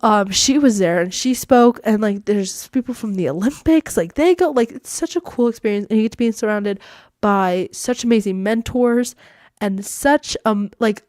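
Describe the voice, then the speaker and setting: Teen girl podcast host, medium pitch, bubbly and chatty, dry sound. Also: moderate pace, darkish tone, no echo. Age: teens. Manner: bubbly, chatty, says "like" a lot. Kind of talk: casual storytelling. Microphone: podcast mic that cuts out.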